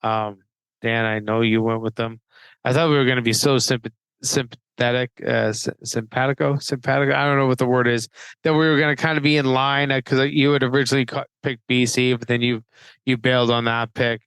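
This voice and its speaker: Guy stumbling through his hockey picks, smooth clear voice, dry mic. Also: medium pitch, fairly even intonation, fairly bright tone, dry recording, poor audio. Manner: halting, hesitant, many restarts. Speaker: podcast co-host, hockey writer. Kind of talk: casual sports betting chat. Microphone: remote call mic.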